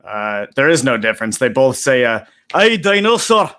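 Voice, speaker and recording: A man telling long-winded pun setups with filler pauses, in casual comic banter over a video call. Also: mid-range voice, steady tone, a bit bright, clear, resonant tone. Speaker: pun contestant. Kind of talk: comic storytelling.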